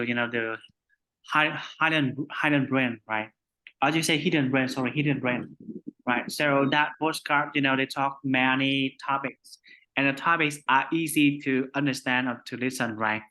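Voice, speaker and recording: A man with a Vietnamese accent teaching an English conversation class, speaking slowly and repeating himself, ending most phrases with "right?". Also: mid-range voice, pushed and bright, rough recording. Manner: slow, repetitive, adds "right?" after most phrases. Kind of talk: online conversation lesson.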